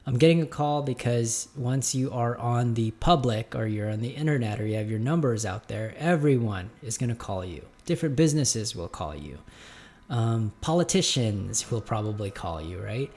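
A man in an unscripted, reflective talk to his audience, calling them "guys". He speaks at a mid-range pitch and keeps restarting and doubling words as he thinks aloud. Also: lively intonation, darkish tone. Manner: halting, repeats and restarts words often; addresses listeners as "guys". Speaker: gym owner speaking to viewers. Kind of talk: reflective casual monologue.

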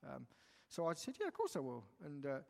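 A man's voice: fairly high pitch, huge pitch swings, brisk, vocal fry, darkish tone. A man preaching a sermon, telling a story animatedly and retelling the dialogue line by line. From England. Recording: long hall reverb.

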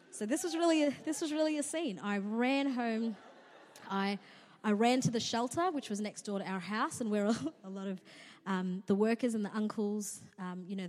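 Mellow woman preaching in echoing hall. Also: lowish voice. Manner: casual, conversational storytelling with humor. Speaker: guest speaker. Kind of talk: sermon with personal story. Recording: long reverb of a large hall.

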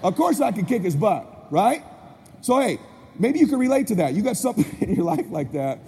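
A man's voice: sits high, a little fast, breathy edge. A man giving a motivational speech, telling a childhood story to an audience and acting out voices. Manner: animated, acts out voices with shouts. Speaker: motivational speaker. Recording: reverberant hall, faint ambience.

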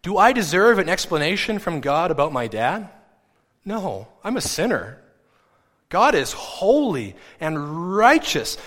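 A middle-aged male pastor telling a story in a sermon, animated and acting out the people he quotes. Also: high voice. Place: church. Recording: long hall reverb.

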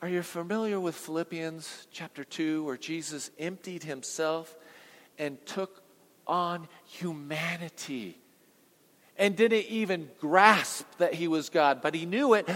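A man preaches a sermon in a church sanctuary, his fairly high voice dropping to near-whispers before surging into loud peaks. He keeps putting questions to the congregation. A long reverb from the large hall trails each phrase. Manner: dynamic preaching, swinging from hushed to booming. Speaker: pastor.

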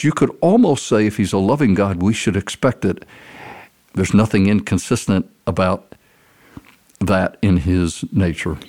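Low-voiced male guest, earnest storyteller, lively delivery in a conversational interview. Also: normal speed. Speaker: guest speaker.

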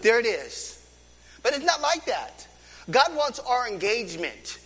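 A man's voice: extremely high pitch, normal speed, husky, long reverb tail. A man preaching a sermon to his congregation, acting out voices in the stories he tells. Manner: animated preaching, acts out quoted dialogue. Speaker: pastor. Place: church sanctuary. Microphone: stage microphone on stand.

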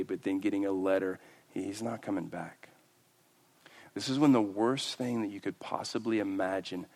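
Preacher swinging from hushed to booming. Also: male voice. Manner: swings from hushed and slow to loud and emphatic. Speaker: pastor. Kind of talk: sermon.

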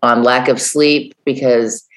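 A woman's voice: a bass voice, slow pace. A woman co-hosting a podcast, chatting casually and telling stories with lots of acted-out voices. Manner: animated storyteller, acts out voices. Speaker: podcast co-host. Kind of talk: casual chat.

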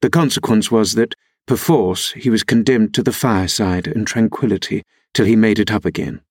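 A man narrating a classic novel as an audiobook reader, in a measured, even storytelling delivery. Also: fairly low pitch, breathy edge, dry recording, clean studio sound.

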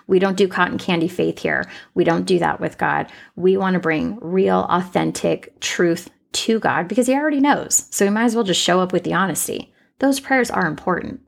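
A woman's voice: fairly low pitch, normal speed, creaky, few pauses. A woman hosting a faith podcast, talking off the cuff in a conversational way and repeating herself for emphasis. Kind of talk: unscripted faith podcast monologue.

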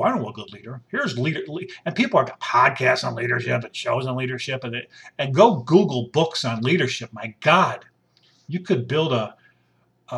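A middle-aged man in mid pitch talks on his own in casual commentary. He is blunt and rambling. He repeats phrases, restarts sentences and trails into fillers. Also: vocal fry, bright, forceful tone.

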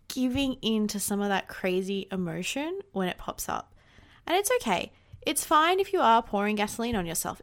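Woman coach, young adult, solo podcast host; candid, animated delivery, voices her own thoughts. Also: medium pitch. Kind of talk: casual solo podcast talk.

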